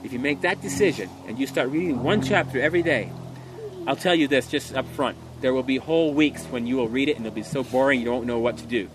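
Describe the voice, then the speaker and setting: A man delivering an earnest, emphatic sermon, speaking loudly so everyone can hear. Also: medium pitch, fast, background noise. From Montana. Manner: earnest, emphatic, loud to carry in a room. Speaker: preacher.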